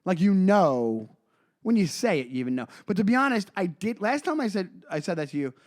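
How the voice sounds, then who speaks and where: A man's voice: high voice, sing-song, fairly quick. A man in his forties co-hosting a podcast, talking in a rambling, self-deprecating way. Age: 40s. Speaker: podcast co-host. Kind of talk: casual chat.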